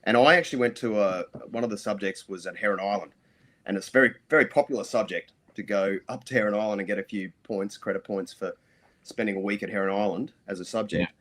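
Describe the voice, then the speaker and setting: A man's voice: fairly low pitch, quick pace, fairly bright tone. A middle-aged Australian man, a podcast guest, telling rambling stories full of ums and restarts. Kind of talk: casual interview storytelling.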